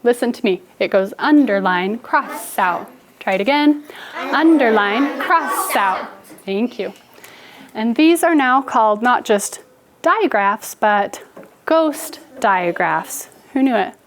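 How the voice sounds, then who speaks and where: A woman's voice: on the high side, lively intonation, measured pace. A young woman teacher giving a playful, story-style phonics lesson to children in a classroom. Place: classroom with kids.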